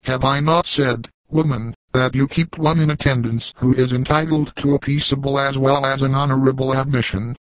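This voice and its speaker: A man's voice: medium pitch, fairly even intonation, normal speed, hardly any pauses, no echo, natural voice, low-quality recording. A man reading the lines of a pompous, blustering naturalist doctor who talks in long, wordy speeches, in a dry, close sound.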